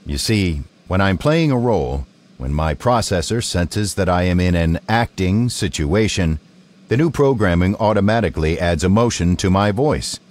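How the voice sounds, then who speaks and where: An earnest male robot, voiced by a man, talks in careful, complete sentences. His voice is very deep. He sounds sincere and almost human. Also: expressive, moderate pace, darkish tone. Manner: earnest, pleading, carefully worded.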